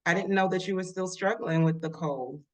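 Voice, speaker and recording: Low-voiced woman, heartfelt and easygoing. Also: a little fast, darkish tone. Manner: heartfelt, lots of "you know". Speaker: podcast co-host. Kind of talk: casual podcast chat.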